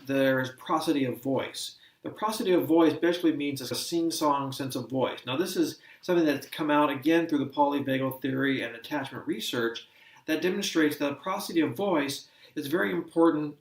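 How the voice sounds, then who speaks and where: Here an instructor-style lecturer walks his class through a topic, explaining things in a measured way with a voice of typical male pitch. The distant microphone picks up plenty of room echo, so the recording sounds roomy.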